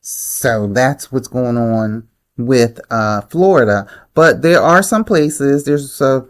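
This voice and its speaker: Low-voiced, slow-talking woman host. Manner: blunt and opinionated. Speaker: channel host. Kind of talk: casual news commentary.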